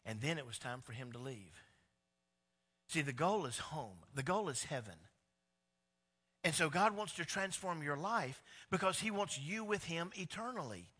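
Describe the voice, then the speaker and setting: Bright-voiced male pastor preaching. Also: on the high side, animated, normal speed, slightly rough, long reverb tail. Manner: conversational, emphatic preaching with repetition. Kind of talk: sermon.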